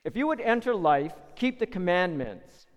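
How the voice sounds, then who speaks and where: A man preaches a sermon and tells the story with dramatic flair, acting out the voices of the people in it. His voice sits high and swings widely in pitch. A long hall reverb trails behind every phrase. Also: sing-song, normal speed.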